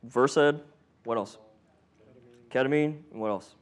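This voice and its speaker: Speaking slowly at medium pitch, this man teaches paramedics with plenty of jokes and energy. He fires questions at the class and performs patient and monitor voices himself.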